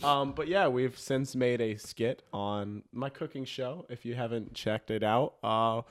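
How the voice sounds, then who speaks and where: A man's voice: medium pitch, unhurried. A young man hosting a casual podcast chat, crude and joking, laughing often. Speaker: podcast host.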